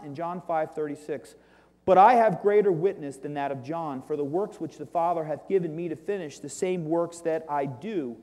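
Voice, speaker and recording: High-pitched guy preaching in church, booming out scripture then going quiet, long echo tail. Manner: reads scripture in King James wording, swings between loud declaiming and quiet asides. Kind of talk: sermon. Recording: long hall reverb.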